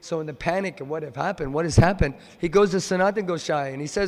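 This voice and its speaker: Brief: male temple lecturer, animated storyteller, slightly high pitch, long hall reverb. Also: fast talker, hardly any pauses. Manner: animated storyteller who acts out the voices in his stories. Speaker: visiting speaker at a temple.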